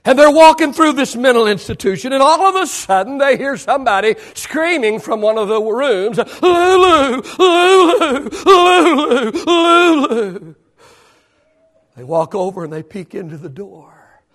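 A man in his fifties preaching a sermon to a church, swinging between loud declarations and hushed whispers. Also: high voice, normal speed. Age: 50s. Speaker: pastor.

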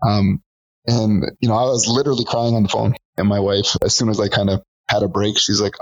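A man's voice: on the low side, flat delivery, a little fast, poor audio. A middle-aged man, a guest on a podcast, telling a personal story in an earnest, conversational way. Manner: earnest, storytelling, acts out quotes of others. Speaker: podcast guest, boxing gym owner.

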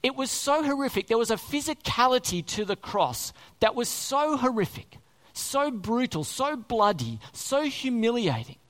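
Mid-sermon, an emphatic preacher speaks at a moderate pace, his pitch rising and falling in lively, wide swings. He keeps returning to key words and puts questions directly to his listeners.

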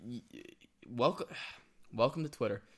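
A young co-host with an unhurried, medium-pitched voice jokes his way through a casual comedic chat, acting out text messages in quoted voices. He's in an indoor room with a laptop.

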